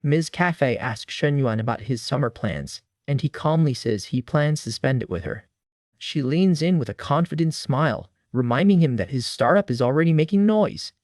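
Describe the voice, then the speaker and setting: A man's voice: medium pitch, lively intonation, normal speed, a little mellow, dry recording, clean studio sound. A man narrating a comic recap in a scripted, wry storytelling manner.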